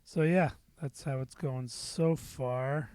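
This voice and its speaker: A middle-aged man talks through a casual solo podcast at an unhurried, drawn-out pace. He rambles and pokes fun at himself, dropping in plenty of "uh"s and a few swear words. His voice sits close and dry, with hardly any room around it. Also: mid-range voice, darkish tone, smooth, dry recording. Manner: rambling and self-deprecating, with frequent fillers and swearing. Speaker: podcast host.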